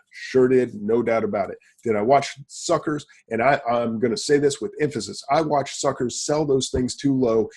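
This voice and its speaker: A man with a husky, slightly breathy voice hosts a casual business podcast. He talks bluntly and with some swagger, asking rhetorical questions and answering them himself. His pitch sits in a middling range. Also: darkish tone. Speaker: podcast host.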